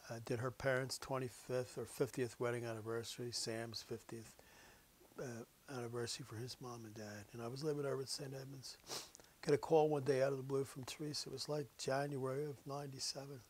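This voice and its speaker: A middle-aged man, a pastor, telling a personal story in a folksy, conversational way during a meditation, sometimes dropping to a hushed whisper. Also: mid-range voice, flat delivery, brisk, slight background noise. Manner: drops to a hushed whisper for solemn moments.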